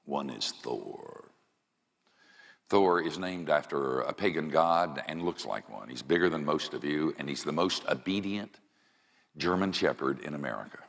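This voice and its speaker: A deep-voiced man preaching in a large church, with a lively, swooping delivery. His tone is jokey and animated, and he jumps into high yells as he tells funny stories. Long reverb trails behind every line. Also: measured pace, gravelly. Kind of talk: humorous sermon storytelling.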